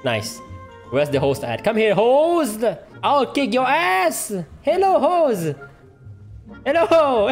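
A streamer giving excitable live gameplay commentary, full of trash talk, laughter, repeated taunts and non-native English grammar. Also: sits high, takes it slowly, faint music behind. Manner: taunting, repeats short phrases.

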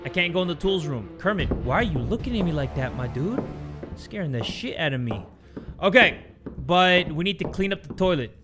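Man, game commentary host, excitable, swearing, very animated pitch. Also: fairly quick, over music. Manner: excitable, swearing, jumping to yelps. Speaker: gaming video host.

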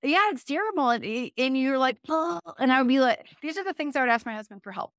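A woman's voice: high voice, animated, quick pace, a bit bright, smooth, no room sound, clean studio sound. A woman speaking as an interview guest, telling her story in a casual, chatty way, full of fillers and self-corrections and often laughing.

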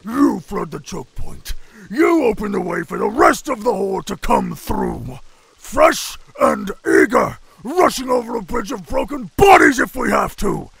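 A man voicing a huge, domineering male orc warlord who barks contemptuous commands in a rough voice, for a narrated story. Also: sits high, sing-song, unhurried, a bit bright, pitched above the performer's own voice, heavily acted. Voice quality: gravelly, rough. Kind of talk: audiobook character voice.

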